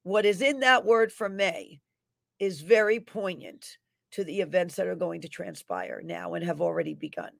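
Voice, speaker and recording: A woman minister delivering a prophetic word in a declamatory preaching style. Her voice swells on the divine declarations and drops low for her asides, and she reads scripture with an emphatic cadence. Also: normal speed, creaky, dry recording.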